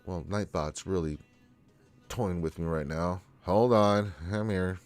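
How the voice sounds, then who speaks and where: A man's voice: sits low, takes it slowly, a little mellow, faint music behind. A man hosting a live question-and-answer stream, congested from allergies, talking in a rambling, laid-back way to his chat viewers. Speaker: livestream Q&A host.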